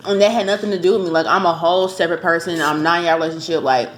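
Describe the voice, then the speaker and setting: A woman's voice: fairly low pitch, fairly even intonation, racing. Young woman co-host, chatty, heard with a roomy echo. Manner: chatty, filler-heavy with "like". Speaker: co-host girlfriend. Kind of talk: casual storytelling chat. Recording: roomy echo, faint noise.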